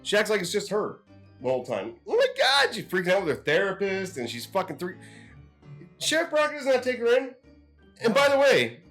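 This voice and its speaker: A man's voice: high voice, sing-song, brisk, a bit bright, faint music behind. A man co-hosting a casual film discussion, who talks bluntly and rants with lots of swearing. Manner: blunt, profane, ranting. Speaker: podcast co-host.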